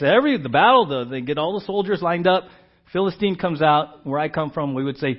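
A middle-aged pastor with a high-ish, very animated voice preaches a sermon conversationally and a little fast, often checking in with "right?" He acts out quoted characters with big swings in loudness, and the recording is slightly muffled.

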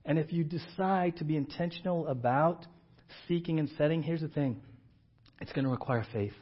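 A male pastor preaching a sermon in a casual, animated storytelling way with everyday slang. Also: on the high side, moderate pace, highs cut off.

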